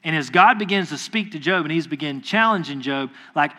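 A man's voice: a little high, brisk, hardly any pauses, bright, forceful tone. A man preaching a sermon in a casual, conversational way, acting out quoted voices and tossing asides to the audience. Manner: acts out quoted voices in retellings.

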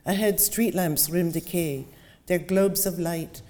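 A woman author with a low, warm, mellow voice, reading steadily and then chatting with a few fillers. Her voice rings through a large hall with a long reverb tail. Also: slow. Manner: chatty, with fillers and restarts when talking. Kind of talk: reading aloud then talking about her book.

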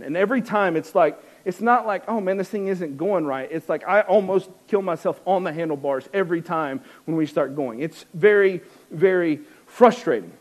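A man's voice: sits high, a little mellow. A man telling a wry, self-mocking personal story to an audience, with many restarts.

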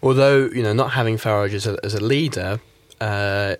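An English guest commentator from South Yorkshire, with a nondescript accent, shares his views in a radio studio discussion. He rambles with heavy fillers like "you know" and "like." His voice is on the low side at a moderate pace, in a dry recording.

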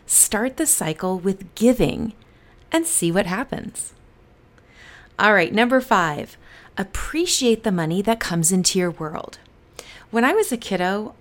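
Upbeat woman giving motivational affirmations. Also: medium pitch. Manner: upbeat, encouraging, emphatic, with drawn-out words. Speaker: podcast host.

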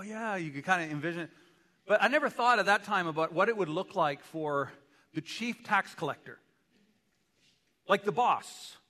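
A man preaching from the pulpit with a fairly high, bright, forceful voice. He keeps it conversational and slips in joking asides. His words ring out with a long reverb through a church hall. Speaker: pastor. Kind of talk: sermon. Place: church sanctuary.

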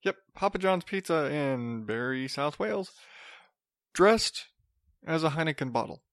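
A man's voice: on the high side, animated, a little slow, fairly bright tone, no echo, clean studio sound. A man hosting a casual solo podcast, rambling with restarts and sarcastic asides. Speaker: podcast host.

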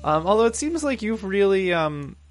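A man's voice: high-pitched, sing-song, normal speed. A man hosting a podcast in casual chat, wry and chuckling, with hesitant fillers. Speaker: podcast host.

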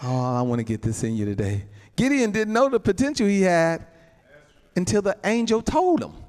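A man pastor preaching a sermon, calling out to the saints, laughing between lines and reading scripture slowly. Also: sits high, very animated, darkish tone. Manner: reads scripture slowly, then voices people's complaints.

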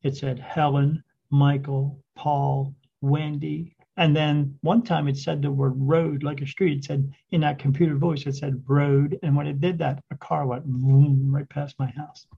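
A man with a somewhat high, gravelly voice tells his story casually, drifting and restarting as he goes. The tone is husky, and the recording sounds dull and lo-fi. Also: little pitch movement. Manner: rambling, halting retelling with restarts. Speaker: spirit medium, podcast guest.

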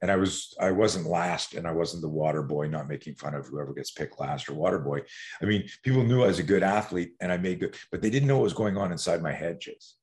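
Deep-voiced man telling rambling stories. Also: brisk, darkish tone. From Canada. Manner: rambling, profane, many restarts and fillers. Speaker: guest, coach on fear. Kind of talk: casual interview storytelling.

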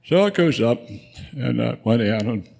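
Gravelly old man telling war stories. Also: mid-range voice, expressive, normal speed, a little mellow. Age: 90s. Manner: rambling, chuckling storyteller. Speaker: veteran guest. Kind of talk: spoken war memoir. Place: live audience event.

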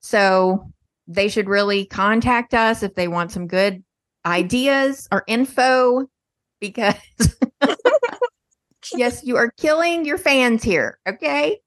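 A woman's voice: fairly high pitch, animated, takes it slowly, long pauses, a bit bright, no room sound, studio quality. A woman co-hosting a podcast, telling stories in casual chat and laughing often. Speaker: podcast co-host.

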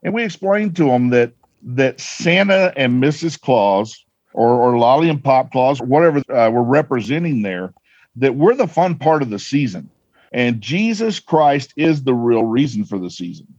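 A man at a middle pitch tells heartfelt stories in an earnest way. The sound is close and dry, a little dull on top. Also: lively intonation, normal speed, a little mellow, no echo. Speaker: guest, Santa performer. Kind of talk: casual interview talk.

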